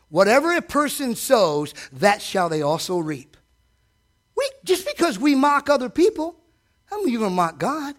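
A man preaching a sermon from a church stage, animated, asking the congregation direct questions and acting out quotes. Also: high voice, moderate pace. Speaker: pastor.

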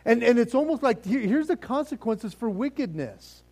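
Male Bible teacher, high and very animated, laughs a lot, acts out the story. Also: normal speed.

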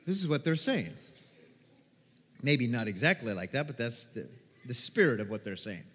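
A man preaching a sermon as a pastor, animated and dramatic, acting out excited crowd voices with loud whoops. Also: sits high, moderate pace. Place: church sanctuary. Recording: long hall reverb.

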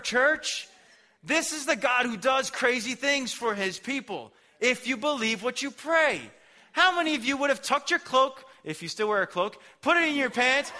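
High bright-voiced young preacher. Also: male voice. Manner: casual slangy preaching with acted voices. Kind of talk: lively sermon storytelling.

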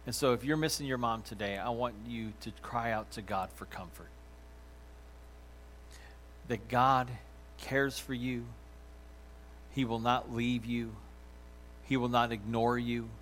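Guy preaching a sermon, mid pitch, gets loud and emphatic then drops real soft, almost whispering. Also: steady tone, unhurried, pauses often, slight background noise. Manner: swings from loud emphatic lines to hushed near-whispers. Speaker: pastor.

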